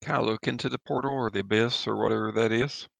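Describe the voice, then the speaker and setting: Male player in a tabletop session; casual and joking, gravelly, bright, close dry sound. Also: fairly low pitch, steady tone, quick pace, no room sound. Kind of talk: casual play chat.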